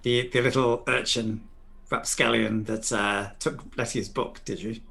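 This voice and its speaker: A man's voice: mid-range voice, steady tone, a little slow, creaky, pushed and bright. Wry man playing a tabletop game. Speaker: player. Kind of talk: casual tabletop role-play.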